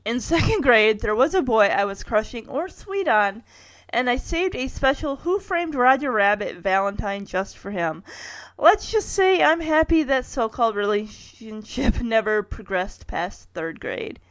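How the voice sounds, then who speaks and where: A woman's voice: fairly high pitch, animated, unhurried, no room sound. A woman in her thirties casually recapping a TV episode, with wry personal asides and chuckles.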